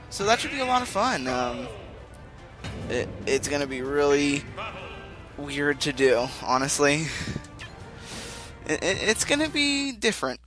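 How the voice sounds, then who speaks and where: A young man hosting a casual let's play, talking loosely with many ums and uhs. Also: medium pitch. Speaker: gaming channel host. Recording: game music playing behind.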